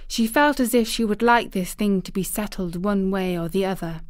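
An audiobook narrator with a mid-range voice reads a classic children's novel in calm, measured storytelling. The scripted narration is studio quality with no room sound.

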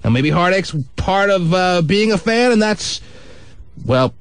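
Wry, lively-pitched radio host man. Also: smooth, no room sound. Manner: wry, teasing, quick banter. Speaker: radio talk show host. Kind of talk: call-in radio chat. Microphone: studio microphone.

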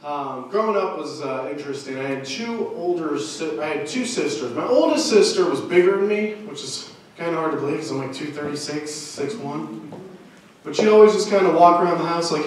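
A man's voice: fairly high pitch, brisk, distant mic, a little hiss or hum. Self-deprecating young man doing stand-up. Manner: self-deprecating, animated delivery. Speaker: stand-up comedian. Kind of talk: stand-up comedy set. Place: comedy club stage. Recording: echoey room, mic heard from afar.

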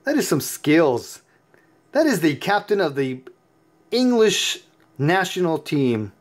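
A tired, sleepy man giving chatty, excitable gameplay commentary as host of his own channel, laughing often. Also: fairly high pitch, slow. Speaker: mobile game player and YouTube host.

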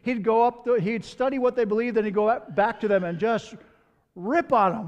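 High-voiced pastor preaching in a hall. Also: male voice, a little fast, darkish tone, dull audio. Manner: conversational storytelling, candid asides. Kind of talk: sermon.

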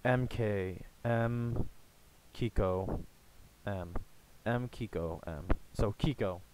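A young American man chatting casually in a rambling, halting way, full of fillers and restarts. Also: fairly low pitch, darkish tone, low-quality recording. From United States. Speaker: gaming YouTuber. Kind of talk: casual rambling vlog chat.

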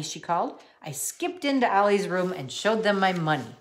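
A woman's voice: on the low side, big pitch swings, moderate pace. A woman teacher cheerfully and expressively reading a children's book aloud to her class.

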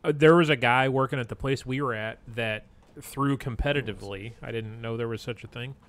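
A man's voice: mid-range voice, brisk, fairly bright tone. A man co-hosting a casual podcast, dropping jokey asides and firm recommendations. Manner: jokey interjections, recommends things with conviction. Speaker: podcast co-host.

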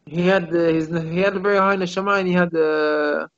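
Creaky-voiced rabbi on a muffled call. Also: male voice, on the high side, fairly even intonation. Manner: pauses to search for English words. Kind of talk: Torah class over a video call. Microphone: video call. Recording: muffled video call audio.

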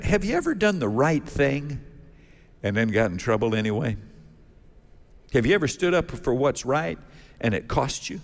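A man's voice: on the high side, lively intonation, moderate pace, long pauses. A male pastor preaching a sermon in a folksy storytelling manner, acting out the characters as he goes. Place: church sanctuary. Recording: long church reverb.

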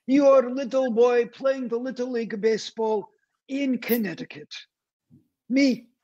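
A husky-voiced man with a high voice putting on a blunt, stern woman therapist with an Israeli accent, speaking slowly in a clipped, scolding way. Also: darkish tone, highs cut off, full character voice.

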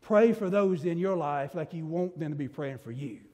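Male pastor, high-pitched, emphatic sermon delivery, long church reverb. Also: animated, moderate pace, darkish tone. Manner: emphatic preaching with rising bursts and rhetorical questions. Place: church sanctuary.

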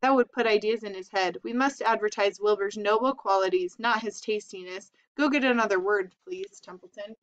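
A woman reading aloud and voicing a wise, kind female spider who speaks calmly and gently gives orders. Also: mid-range voice, moderate pace, few pauses, muffled recording, lightly acted. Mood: patient. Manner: calm, gently commanding.

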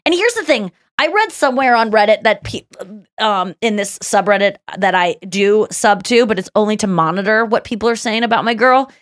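A woman's voice: medium pitch, lively intonation, fairly quick, a bit bright, no echo, clean studio sound. A woman hosting a podcast in casual chat, gushing and chatty with lots of fillers and restarts. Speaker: podcast host.

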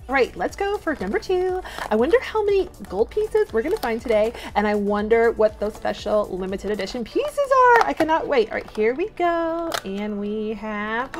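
A woman's voice: sits high, big pitch swings, moderate pace, hardly any pauses, soft background music. A woman hosting a toy unboxing vlog, gushing, gasping and exclaiming often as she opens each piece. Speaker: toy unboxing channel host.

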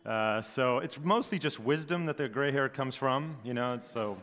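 A middle-aged man from Southern California, a pastor opening a sermon in a relaxed, joking way with many fillers. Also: medium pitch, normal speed. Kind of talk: sermon introduction. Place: church sanctuary. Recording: long church hall reverb.

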